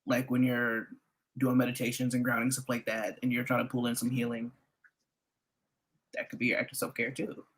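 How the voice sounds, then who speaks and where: Male guest, casual chatter, lively storyteller who curses and acts out what people said. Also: medium pitch, moderate pace, long pauses, breathy edge. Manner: animated storyteller, swears, acts out quotes. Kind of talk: casual chat.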